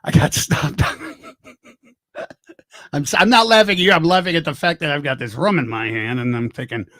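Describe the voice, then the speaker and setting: A man's voice: fairly high pitch, normal speed, fairly bright tone, dry recording. An older man hosting a casual livestream, rambling, joking and greeting viewers by name. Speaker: livestream host.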